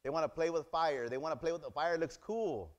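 A male pastor preaching a sermon, acting out little dialogues and swinging between loud exclamations and quiet asides. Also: fairly high pitch, fast talker, muffled recording. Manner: animated, acts out dialogues in many voices. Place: church.

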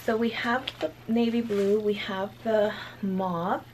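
A young woman vlogging at home, out of breath, chatty and halting with lots of fillers. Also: medium pitch, fairly even intonation, background noise. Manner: chatty, hesitant with many fillers. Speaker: beauty vlogger. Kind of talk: casual haul video.

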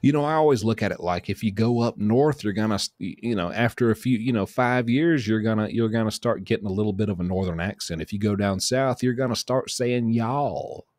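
Brief: streetwise male commentator, low pitch, blunt, dry booth sound. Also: fairly quick, few pauses, no room sound. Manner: blunt, streetwise, animated, many fillers and restarts. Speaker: commentator on prison news. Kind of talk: casual commentary to camera.

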